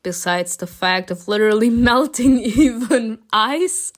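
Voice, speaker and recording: High-pitched woman reading a story game out loud, gushy and excitable. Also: a little slow. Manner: excitable, gushing, often laughing.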